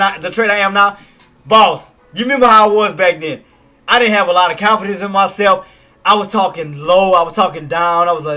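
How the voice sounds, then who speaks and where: A man hosting a live trading stream, hyped and slangy, shouting and laughing between chart calls. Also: high voice.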